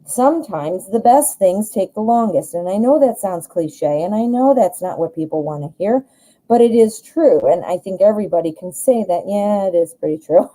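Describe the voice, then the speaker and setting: A woman with a Midwestern American accent talks her way through a live tarot reading, chatty and rambling. She often restarts her sentences and sounds easily excited. Her voice is very mellow and dark, at a middle pitch. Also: moderate pace, rough recording. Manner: chatty, rambling, enthusiastic, frequent restarts and fillers. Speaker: tarot reader, live show host.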